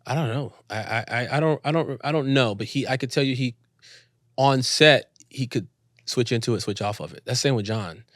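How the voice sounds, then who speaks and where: A man in his thirties, a guest actor chatting casually and telling lively stories. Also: mid-range voice, fairly quick, no room sound, clean studio sound. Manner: animated storyteller, mimics voices, laughs often. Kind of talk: casual interview chat.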